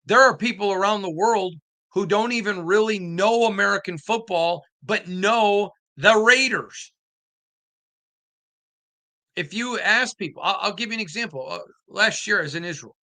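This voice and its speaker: A middle-aged man hosts a sports talk show, delivering a rambling but impassioned monologue. His voice sits high and sounds bright and forceful. He drifts through anecdotes and then pushes hard into his opinions. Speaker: sports beat writer and show host.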